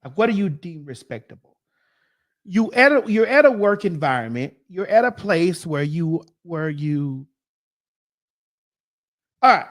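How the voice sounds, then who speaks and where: A woman's voice: fairly low pitch, sing-song, unhurried, long pauses. A woman hosting a reaction commentary, making her points emphatically and repeating them for weight. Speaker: host.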